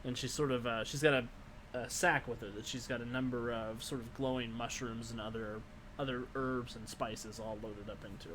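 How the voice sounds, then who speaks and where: A man's voice: medium pitch, steady tone, moderate pace, fairly bright tone. Casual male game master, loose descriptive narration, faint background noise.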